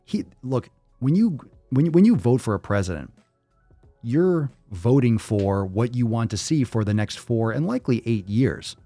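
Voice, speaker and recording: A man's voice: medium pitch, lively intonation, normal speed, warm tone, dry recording, faint music behind. A man hosting his own show, ranting in casual commentary, emphatic and profane, repeating words to drive his point. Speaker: podcast host.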